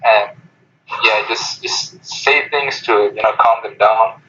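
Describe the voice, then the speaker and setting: A man's voice: lowish voice, slow, bright, forceful tone. A young man talking as a guest in a casual interview, hesitant, with many fillers and restarts. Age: young adult. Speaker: guest, former student council member. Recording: dull lo-fi recording.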